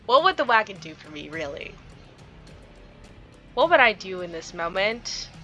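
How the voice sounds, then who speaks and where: A woman's voice: mid-range voice, very animated, normal speed, sharp tone, highs cut off, soft background music. A woman reading a visual novel aloud, dramatizing the story and breaking off into giggly asides. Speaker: game streamer.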